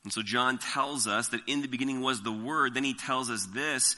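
A man preaching an expository sermon, reading scripture slowly and with emphasis, then explaining it verse by verse. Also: medium pitch, sharp tone, big-room sound. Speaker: pastor.

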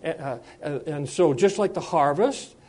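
A man delivering a sermon in a fairly high but mellow voice. He speaks with frequent pauses, fillers and restarts. When he reads scripture he slows down and raises his voice. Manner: measured, with frequent hesitations and restarts. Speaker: preacher.

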